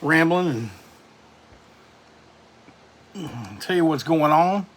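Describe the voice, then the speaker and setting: A man's voice: a little high, expressive, drawn-out words. Rambling man hosting a live stream. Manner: rambling, greets viewers by name, swears casually. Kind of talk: casual live-stream chat.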